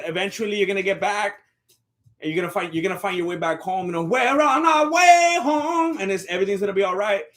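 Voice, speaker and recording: A young man hosting a live stream, giving casual fight commentary in a rambling, joking way that often stops and restarts mid-sentence. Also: high voice. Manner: rambling, joking, self-interrupting.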